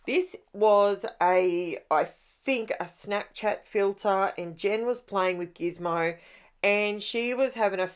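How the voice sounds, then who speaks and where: A woman's voice: medium pitch, takes it slowly, clean tone. A woman, talking casually and sleepily over a craft process video, rambling and correcting herself as she goes. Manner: chatty and rambling, corrects herself mid-sentence. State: sleepy, yawning. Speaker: craft channel host.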